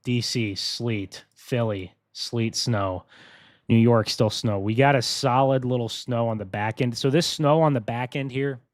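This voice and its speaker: A man hosting a live weather briefing, talking casually and excitedly to his viewers. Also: medium pitch, measured pace, no room sound, studio quality. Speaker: weather streamer.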